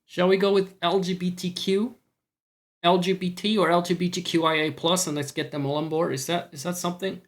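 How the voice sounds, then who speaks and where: A man's voice: high voice, flat delivery, a little fast. A Scottish man chatting casually on a stream, rambling, swearing often and talking to himself.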